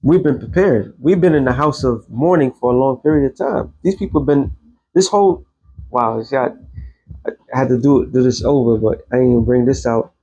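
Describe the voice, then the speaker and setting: A man's voice: mid-range voice, normal speed, dark tone, lo-fi sound. A man giving a casual, rambling religious commentary as an online host, blunt and quoting scripture.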